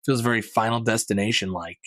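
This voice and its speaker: A man's voice: lowish voice, steady tone, brisk, a bit bright, no room sound. A man hosting his own podcast, talking through the week's news in a loose, rambling way with plenty of fillers and asides. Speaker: podcast host. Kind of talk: casual solo commentary.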